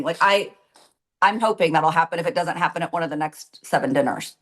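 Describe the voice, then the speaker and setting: A woman's voice: deep voice, a little fast. A woman co-hosting a casual recap chat, talking chattily and laughing often as she rambles. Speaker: podcast co-host.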